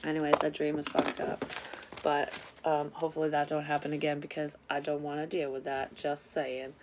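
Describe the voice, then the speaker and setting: A woman talks through a casual tarot reading vlog as a psychic reader. Her voice sits low for a woman. She tells her story candidly and swears freely. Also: flat delivery, a little fast, creaky, heavy background noise.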